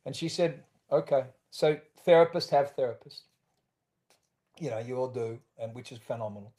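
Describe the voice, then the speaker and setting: A man's voice: medium pitch, moderate pace. Australian man telling a candid story. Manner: candid, animated storyteller who acts out quoted voices. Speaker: guest. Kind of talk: storytelling in a podcast interview.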